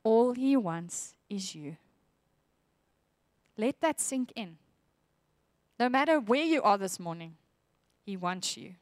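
A woman's voice: medium pitch, animated, takes it slowly, long pauses, no room sound. A woman preaching a sermon, earnest and reflective, reading scripture aloud with feeling.

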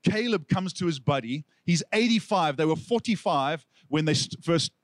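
A man with a South African accent preaching a sermon, telling stories with lively delivery and acting out the people he quotes. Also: a little high, moderate pace, no echo. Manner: animated storytelling, acts out quoted figures. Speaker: pastor.

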